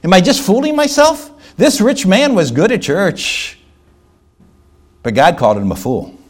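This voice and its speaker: Male preacher, bit higher voice, very animated; dramatic sermon delivery. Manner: dramatic, swinging from loud to hushed; rhetorical questions, slows on key words. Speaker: pastor.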